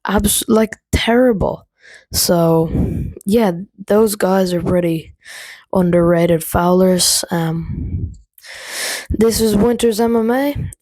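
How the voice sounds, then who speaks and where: A woman's voice: mid-range voice, slow, a little mellow, no echo, studio quality. A woman talking casually to camera about fights, chatty and blunt, with frequent ums. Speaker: MMA commentary creator. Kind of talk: casual opinion vlog.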